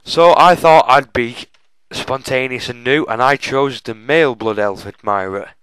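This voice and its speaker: Guy doing a bragging old orc telling his tall tale, smooth voice, dry sound. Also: medium pitch, measured pace, a bit bright, no echo, close to an everyday voice, rough recording. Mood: boastful. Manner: half-hearted put-on accent. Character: boastful old male orc storyteller.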